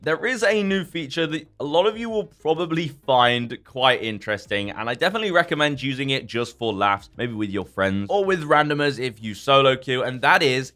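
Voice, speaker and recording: A young man talks through a game update in a casual, upbeat way. His voice sits at an ordinary middle pitch, and he keeps a chatty, friendly flow as he points out what is on screen. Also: fairly bright tone. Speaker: gaming YouTuber.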